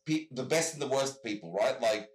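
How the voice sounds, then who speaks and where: A man's voice: medium pitch, fairly quick, roomy sound, low-quality recording. A man from Australia with an Australian accent, telling rambling stories in casual chat and often repeating "I gotta tell you.". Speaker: guest. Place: home in Michigan.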